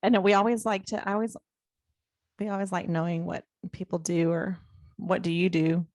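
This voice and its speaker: A woman's voice: on the low side, little pitch movement, a little mellow, no room sound, studio quality. A woman co-hosting a podcast, chatty and upbeat in casual conversation. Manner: chatty and upbeat, with quick restarts. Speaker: podcast co-host. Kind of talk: casual chat.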